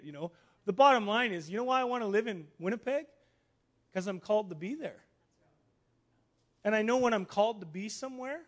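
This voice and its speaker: Animated high-voiced preacher. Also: male voice. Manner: animated, emphatic, acts out Bible characters in quotes. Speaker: pastor. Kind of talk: sermon.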